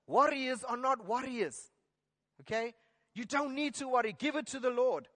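A man's voice: extremely high pitch, moderate pace, a bit bright. A man preaching a sermon, earnest and exhorting, now and then restarting a phrase. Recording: long hall reverb.

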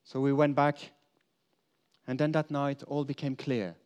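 An earnest man delivers a sermon as a first-person dramatic monologue, speaking as an apostle. His pace is slow and unhurried, and he lets emphatic declarations fall away into quiet, confessional moments. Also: medium pitch, flat delivery, smooth. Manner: earnest storytelling, swinging between emphatic lines and hushed confession.

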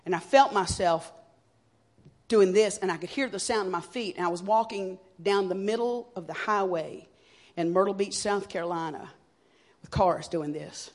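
A guest speaker at a church evening shares her personal testimony, telling her story with emotion. She drops to a hush, then rises loud as she acts out what people said, speaking at medium pitch and normal speed.

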